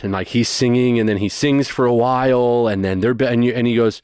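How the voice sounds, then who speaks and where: A man telling a story as a guest in a conversation, animated and rushing through details. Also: medium pitch, clear, resonant tone, no room sound, studio quality. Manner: animated, fast bursts of detail.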